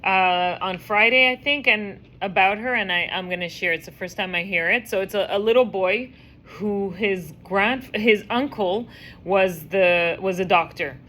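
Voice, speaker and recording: Woman teacher telling a lively story. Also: medium pitch, unhurried, a little hiss or hum. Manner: lively storyteller who acts out voices. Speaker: teacher leading a women's class. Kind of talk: casual storytelling lesson.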